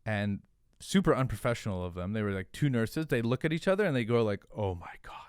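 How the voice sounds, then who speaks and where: A man's voice: medium pitch, fast, clean tone, no room sound, studio quality. A man telling a story as a podcast guest, casual and profane, with lots of "like" fillers. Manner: animated, profane, filler-heavy, "like" every few words.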